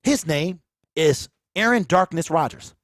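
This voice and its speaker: A man on the high side, with lively intonation and a slightly bright tone, hosts a sports talk show a little slowly in a Michigan accent. He rants preachily in casual commentary, repeating phrases for emphasis, on a close mic that pops on plosives, with no echo.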